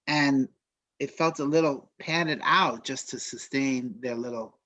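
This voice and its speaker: Man giving a measured critique, lo-fi. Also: medium pitch, sharp tone. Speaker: podcast co-host. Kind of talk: casual chat. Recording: dull lo-fi recording.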